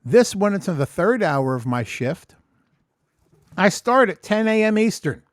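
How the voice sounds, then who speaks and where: A man telling a story in a casual vlog, animated and swearing often as he rants about his day. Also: high voice, measured pace, no room sound, clean studio sound. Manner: animated, profane, ranting storyteller. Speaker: vlogger.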